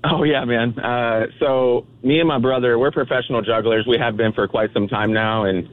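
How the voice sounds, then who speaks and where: A man calling in to a radio show, telling a story in an easygoing, halting way with lots of fillers. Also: medium pitch, fairly even intonation, no echo. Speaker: caller. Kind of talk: phone call to a radio show. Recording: tinny phone line.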